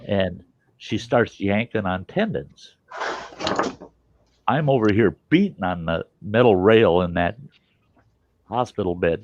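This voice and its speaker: A man casually telling a story in a profane, animated way and acting out the people in it. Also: fairly low pitch, lo-fi sound.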